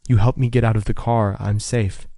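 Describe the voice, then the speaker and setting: A man voicing a steady young male race car driver who speaks firmly and reassuringly, in an audiobook. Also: on the low side, moderate pace, no room sound, studio quality, lightly acted. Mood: soothing. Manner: firm and reassuring.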